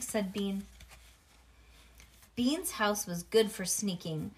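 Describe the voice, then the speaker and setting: A woman's voice: medium pitch, takes it slowly. Woman reading a children's book aloud. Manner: animated, with asides to a child listener. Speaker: reader.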